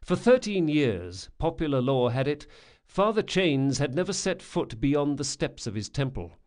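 A man reading a fantasy audiobook in a measured, descriptive storytelling manner. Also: a little high, sing-song, a little mellow. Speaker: narrator. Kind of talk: scripted audiobook narration.

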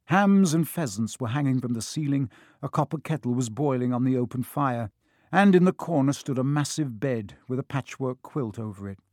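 A man's voice: medium pitch, lively intonation, moderate pace, a little mellow, dry recording. Male storybook narrator, dry and close. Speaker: audiobook narrator.

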